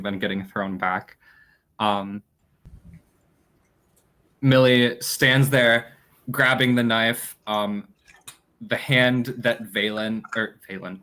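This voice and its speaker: A man describing his character's actions as a player in a tabletop game, halting and casual with many fillers. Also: fairly low pitch, sharp tone.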